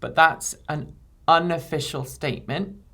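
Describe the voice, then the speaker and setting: A woman's voice: deep voice, measured pace, a bit bright. A woman hosting a live stream, chatting casually and thinking aloud while she edits video. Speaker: video editor and show host. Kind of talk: casual livestream chat while editing.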